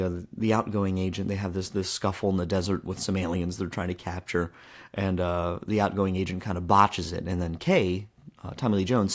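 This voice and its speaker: A man in his thirties with a somewhat low voice hosts his own podcast and tells stories into a handheld microphone. He rambles in a relaxed, chatty way, piling up fillers and restarts. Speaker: podcast host. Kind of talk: casual storytelling monologue.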